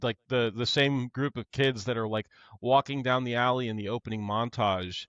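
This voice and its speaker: A man's voice: mid-range voice, fairly even intonation, normal speed, a bit bright, clear, resonant tone, no echo, dull audio. A man co-hosting a podcast, casually retelling a film's scenes and acting out its lines. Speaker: podcast co-host. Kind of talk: casual movie recap chat.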